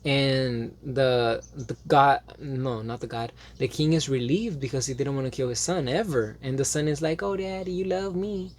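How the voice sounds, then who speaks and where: A man giving a casual spoken review, rambling with many fillers and self-corrections, and turning animated and dramatic when excited. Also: medium pitch, moderate pace, hardly any pauses, a little hiss or hum. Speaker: TV show reviewer.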